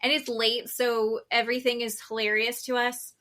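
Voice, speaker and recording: A woman in her thirties co-hosting a podcast, telling a home story in animated casual chat and laughing as she goes. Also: on the high side, moderate pace. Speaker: podcast co-host.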